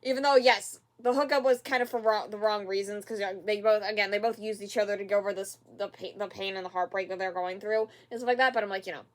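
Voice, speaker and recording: A person hosting a reaction video, talking casually and rambling with many fillers and repeats, sighing in exasperation at the show. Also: female voice, mid-range voice, fairly even intonation, quick pace, hardly any pauses.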